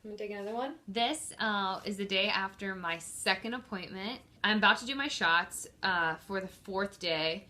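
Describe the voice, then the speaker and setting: A woman's voice: medium pitch, moderate pace, hardly any pauses, pushed and bright. A woman in her thirties talking candidly and emotionally to the camera in a personal video diary at home. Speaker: vlogger.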